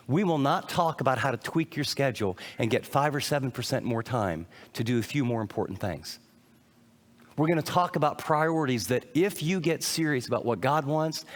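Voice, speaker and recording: A man's voice: mid-range voice, big-room sound. A man preaching a sermon as a pastor, emphatic and repetitive, telling listeners what to note down. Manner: emphatic, repeating phrases, directing listeners to their notes.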